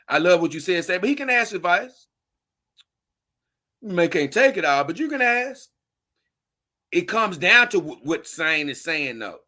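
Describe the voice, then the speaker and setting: Blunt, forceful male livestream host. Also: a little high, big pitch swings, unhurried, pauses often. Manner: blunt, preachy, slangy advice. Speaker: host reading viewer comments. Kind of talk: casual livestream talk.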